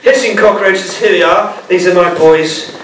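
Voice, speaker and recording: A man's voice: high voice, moderate pace, a bit bright. A man presenting a live bug show to an audience, joking and playful like a showman. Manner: jokey, playful showman banter. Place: school hall with audience. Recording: echoey hall, mic far off.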